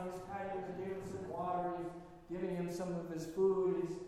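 A man giving a sermon, telling stories in a halting, conversational way with many restarts. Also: high voice, fairly even intonation, dark tone. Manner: storytelling, halting with restarts and fillers. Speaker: preacher. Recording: echoey hall with long reverb.

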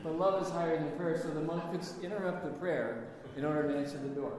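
Man, preacher, sermon, somewhat high voice, conversational storytelling, heavy echo. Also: fast talker, very noisy. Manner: storytelling, conversational with rhetorical questions. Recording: echoey hall.

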